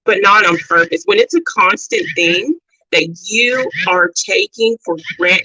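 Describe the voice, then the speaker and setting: A woman's voice: mid-range voice, measured pace, bright, forceful tone, husky, low-quality recording. A woman hosting a casual live stream, speaking earnestly and repeating her points, close to tears. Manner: earnest, repeats herself, reads viewer comments.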